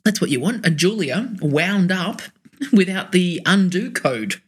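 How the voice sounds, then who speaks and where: A man with an Australian accent, co-hosting a podcast in casual chat, telling animated stories, swearing freely and laughing often. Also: high voice, measured pace, slightly rough. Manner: animated storyteller. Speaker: podcast co-host.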